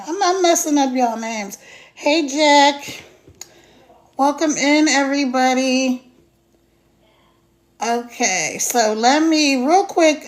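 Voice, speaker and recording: A woman hosting a casual phone live stream, chatty and repetitive, greeting viewers by name. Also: sits high. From United States. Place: mountains of Virginia.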